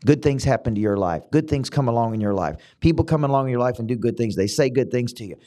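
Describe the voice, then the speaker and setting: A man's voice: lively intonation, fast, warm tone. Emphatic man with a Southern accent. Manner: emphatic and repetitive, with sudden jumps up in pitch. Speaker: business and mindset coach, podcast host. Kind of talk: motivational podcast monologue.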